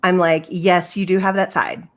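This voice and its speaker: A woman guest on a podcast, chatting casually as an emphatic, animated storyteller who acts out her quotes. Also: lowish voice, normal speed. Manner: emphatic, lots of fillers and restarts. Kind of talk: casual chat.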